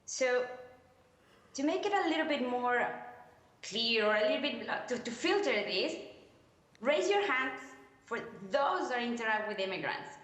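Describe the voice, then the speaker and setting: A woman from Mexico with a Mexican Spanish accent, a researcher on a video call leading a calm, vivid guided story for an audience. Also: on the high side, moderate pace, long pauses. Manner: calm, vivid, leads listeners through imagined scenes. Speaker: invited speaker and researcher. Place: played over speakers in a large hall. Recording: echoey hall playback of a video call.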